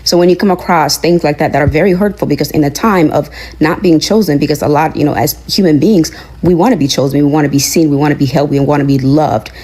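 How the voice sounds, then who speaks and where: A woman's voice: low-pitched, fast talker, mellow, husky, poor audio. A woman in a played clip delivering an earnest, sermon-like motivational talk, repeating her phrases for emphasis. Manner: earnest, preachy, repetitive phrasing. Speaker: online commentator.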